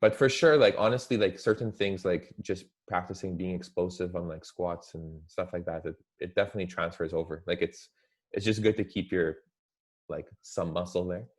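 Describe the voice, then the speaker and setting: A young man talking casually as a guest, relaxed and full of "like" fillers. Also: low-pitched, moderate pace. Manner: relaxed, heavy use of "like" fillers. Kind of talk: casual chat.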